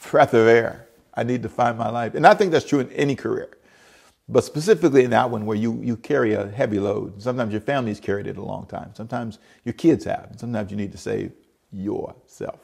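Gravelly animated preacher man. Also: medium pitch. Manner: animated preaching, rising to loud bursts and trailing to soft asides. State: out of breath. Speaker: pastor. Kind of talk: sermon.

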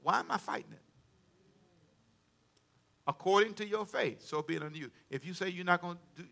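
Bright-voiced man preaching with call-and-response. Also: high voice, fairly quick, vocal fry. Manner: call-and-response preaching, dramatic swings in volume. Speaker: pastor. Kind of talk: sermon. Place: church sanctuary with congregation.

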